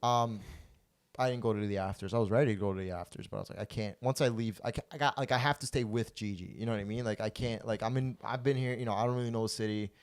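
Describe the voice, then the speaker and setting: A young man, a comedian hosting a podcast, telling a crude story in a loose, animated way and acting out what people said. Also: fairly low pitch, fast, clean tone. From Toronto, Canada. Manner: animated, crude, acts out quotes.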